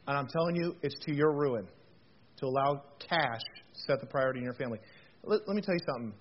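A man's voice: on the high side, slight background noise. A man preaching a sermon as pastor, earnest and folksy, often repeating words and stumbling into joking asides. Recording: muffled lo-fi recording.

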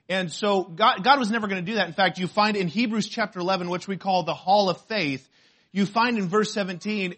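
A man, a pastor, preaching a sermon and telling a story from his own life in an animated way. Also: high voice. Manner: animated storytelling, shouts when acting out pain.

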